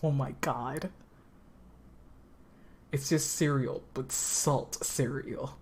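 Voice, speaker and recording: A woman in casual let's-play banter, animated and often laughing. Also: very deep voice, drawn-out words, slightly rough. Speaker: game player.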